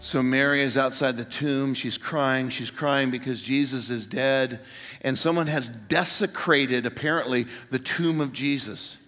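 A pastor preaching an Easter sermon to a large congregation, retelling the story with animated voices. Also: male voice, a little slow, soft background music. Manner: animated storytelling, voices quotes with rising pitch. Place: large church hall. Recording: reverberant church hall.

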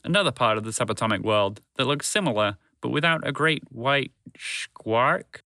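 Man reading a kids story out loud, bright voice, dry close sound. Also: mid-range voice, normal speed, few pauses, dry recording. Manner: expressive read-aloud. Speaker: narrator. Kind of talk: storybook narration.

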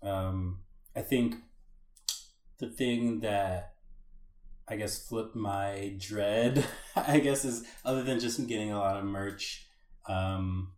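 An easygoing man chatting casually, with a lowish voice. He hesitates and fills his pauses as he goes. The room is echoey. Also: darkish tone. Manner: easygoing, hesitant, many fillers and backchannels. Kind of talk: casual chat.

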